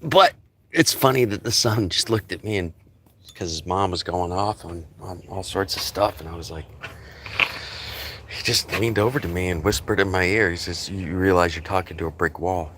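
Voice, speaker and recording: Very deep-voiced middle-aged man livestreaming. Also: normal speed, fairly bright tone, a little hiss or hum. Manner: rambling, talkative, greets viewers by name. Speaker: livestream host. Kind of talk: casual livestream chat.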